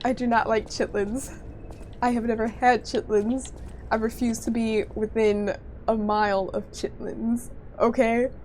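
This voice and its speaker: A woman streamer talks with her chat as she plays, slow and drawn out, in a fairly high voice. She reads messages aloud and answers with playful mock outrage. A steady background noise sits under her voice. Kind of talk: casual gameplay chat with viewers.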